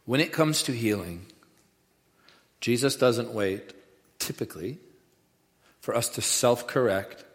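A man's voice: mid-range voice, expressive, slow pace, long pauses. A man preaching a sermon with emphasis, leading the congregation in call-and-response. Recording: echoey hall with long reverb.

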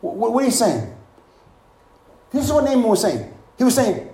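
Animated preacher man with echo. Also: very high voice, normal speed. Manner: animated, exclamations and rhetorical questions. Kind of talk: sermon.

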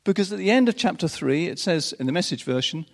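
A man preaching a sermon in an unhurried, expressive way, chuckling often between phrases. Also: fairly high pitch, creaky. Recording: long reverb of a large hall.

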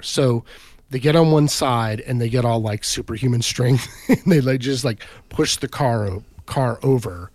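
A man's voice: medium pitch, a little slow, darkish tone, no room sound. A man recounts a story in an easy, conversational way, full of fillers and little check-ins. His voice sits in a middle register. The recording is dry and close, with no room sound. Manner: rambling, filler-heavy, says "right?" and "like" often. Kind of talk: casual storytelling chat.

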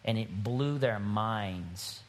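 A man preaching a sermon to his church, shifting from wry, conversational storytelling to emphatic, rising exhortation. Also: slow pace. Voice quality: bald-headed man, higher-pitched voice. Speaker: pastor.

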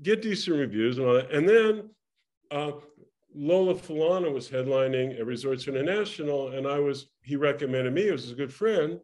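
Older man telling an animated anecdote. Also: a little high, moderate pace. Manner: animated, laughing storyteller with many restarts. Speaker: interview guest, former actor and singer. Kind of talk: casual anecdotal storytelling.

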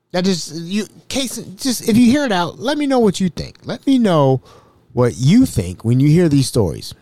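A man hosting a podcast, telling stories in an animated, repetitive, exasperated way. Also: mid-range voice, no room sound. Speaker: podcast host. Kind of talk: casual storytelling.

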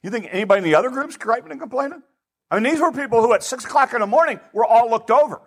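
A male pastor preaching a sermon in an animated way, asking his listeners rhetorical questions. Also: very high voice, racing, breathy edge.

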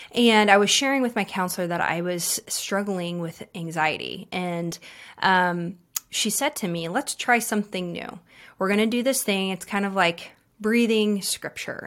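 A woman's voice: mid-range voice, a bit bright. A woman in her thirties hosting a devotional podcast, talking in an earnest, encouraging way with casual fillers. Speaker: podcast host.

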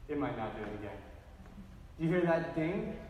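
A man's voice: fairly high pitch, big pitch swings, a little fast, a little mellow, a little hiss or hum. A man preaching a sermon as pastor, in a chatty style that keeps checking in with "right?". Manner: conversational, keeps asking "right?". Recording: echoey hall, distant mic.

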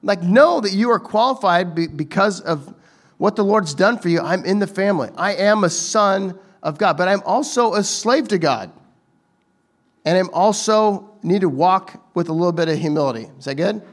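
A man's voice: high-pitched, expressive, normal speed. A man giving a casual, conversational sermon, talking informally with frequent restarts and asides to the audience. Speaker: preacher.

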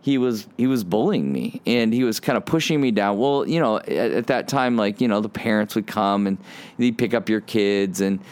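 A man in his forties giving an earnest podcast sermon, often restarting his sentences and building to animated emphasis. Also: fairly low pitch, moderate pace, clear, resonant tone. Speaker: podcast pastor.

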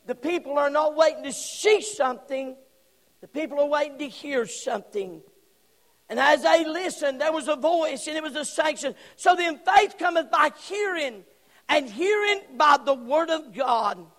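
Man, pastor, fiery sermon, shouts then hushes, lingering hall reverb. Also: very high voice, lively intonation, measured pace. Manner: fiery preaching, swings from shouts to hushed tones. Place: church sanctuary. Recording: long church hall reverb.

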